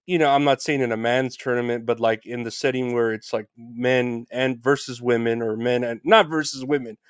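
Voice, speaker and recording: Smooth-voiced male podcast host, dry sound. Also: medium pitch, fairly even intonation, dry recording. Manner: halting, restarts, agreeable backchannels. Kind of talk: casual interview chat.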